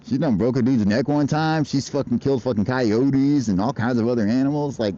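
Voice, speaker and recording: With a mid-range, mellow voice at a fairly quick pace, an American man chats casually on a livestream while cycling outdoors in traffic. The sound is lo-fi, and his talk is rambling, profane, and full of laughter.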